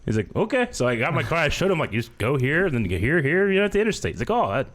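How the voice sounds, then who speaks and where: Animated storytelling man in his thirties. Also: very fast. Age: 30s. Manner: animated storyteller, does high-pitched voices in quoted speech. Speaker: podcast co-host. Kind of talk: casual chat.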